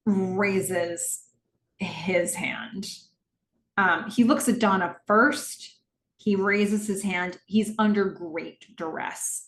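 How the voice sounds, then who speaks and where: A woman podcast host recaps a drama episode moment by moment, describing each move in the present tense. Her voice sits in a middle pitch, and the room around her rings with noticeable echo. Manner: narrates scenes in present tense, acting out quoted lines.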